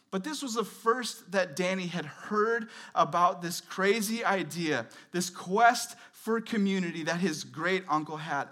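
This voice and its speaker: A man in his thirties giving a relaxed, chatty guest sermon with light humor and lots of fillers. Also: sits high. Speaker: guest pastor. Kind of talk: conversational sermon. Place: church service.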